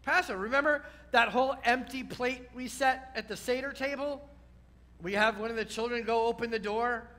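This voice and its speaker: A man's voice: very high-pitched, pushed and bright. A man speaking as a rabbi giving a sermon, explaining step by step and often checking in with his listeners. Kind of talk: sermon teaching.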